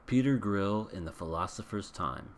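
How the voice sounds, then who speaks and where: A man's voice: on the low side, sing-song, moderate pace, a little hiss or hum. A man recapping and reviewing an anime episode in a casual, blunt, rambling way, with frequent restarts.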